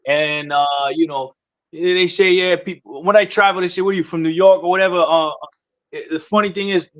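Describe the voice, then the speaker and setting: A man's voice: high voice, steady tone, fairly quick, fairly bright tone. A man with a Massachusetts accent, a rapper guest in a casual interview, joking and laid-back as he rambles. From Massachusetts, USA.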